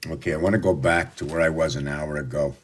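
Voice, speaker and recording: A man's voice: rumbling low, steady tone, fast, slight background noise. A man explaining a number pattern in a meandering, rambling way, with many restarts, counting sequences aloud. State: out of breath at times.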